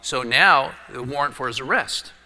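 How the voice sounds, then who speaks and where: A middle-aged man preaching a sermon as a pastor, telling a personal story with lively energy and dropping his voice low for prayer. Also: moderate pace. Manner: animated storyteller, drops to a hushed voice for prayer. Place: church sanctuary. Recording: long church reverb.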